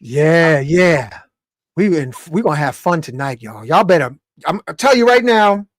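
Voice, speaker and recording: A man's voice: on the high side, expressive, unhurried, no echo, studio quality. Slangy man hosting a video-call livestream. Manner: loose slangy banter, shout-outs to viewers. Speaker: livestream host. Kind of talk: casual livestream chat.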